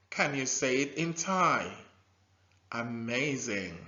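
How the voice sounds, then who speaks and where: A man teaching a scripted science lesson to young learners, slow and animated, with drilled repetition and loud praise. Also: medium pitch. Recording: dull lo-fi recording.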